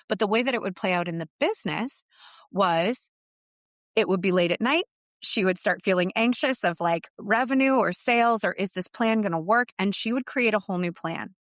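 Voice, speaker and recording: A woman's voice: medium pitch, normal speed, fairly bright tone, dry recording. Earnest woman coach, dry close sound. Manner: earnest, reflective storytelling with quoted asides. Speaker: business coach. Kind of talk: solo podcast monologue.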